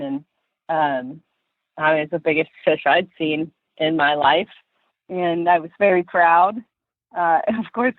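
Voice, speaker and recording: A woman from Virginia, a fishing guide, tells stories about her life at an unhurried pace in a podcast interview. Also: on the low side, no room sound. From Virginia, USA. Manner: unhurried, anecdotal storytelling with frequent pauses. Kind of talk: podcast interview, personal storytelling. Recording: tinny phone-line audio, dry.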